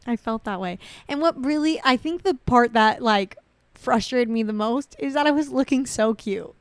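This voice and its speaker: Young female podcast co-host, animated storyteller, higher voice, close dry sound. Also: moderate pace, smooth, dry recording. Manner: animated storyteller acting out quotes, laughs often. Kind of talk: casual chat. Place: studio.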